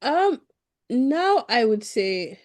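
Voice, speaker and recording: A woman's voice: fairly high pitch, big pitch swings, drawn-out words, a little mellow. A young woman from Nigeria, a podcast guest chatting casually and laughing often as she acts out little quotes. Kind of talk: casual conversation.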